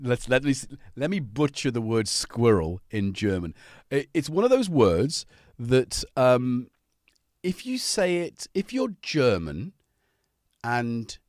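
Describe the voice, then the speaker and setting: A man's voice: medium pitch, a little mellow, no room sound. A man hosting a casual livestream from his home music studio, rambling cheerfully and greeting viewers by name. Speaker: livestream host.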